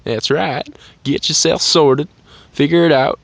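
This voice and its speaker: A man putting on a brash, fast-flowing accented voice, loud and bossy. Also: fairly high pitch, expressive, clean tone, no echo, pitched above the performer's own voice.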